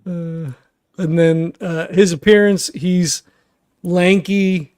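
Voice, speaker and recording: A man chatting casually as a tabletop game player, his voice sitting slightly high. He works ideas out aloud in halting, stop-start phrases. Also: steady tone, a little mellow, smooth. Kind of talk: casual chat.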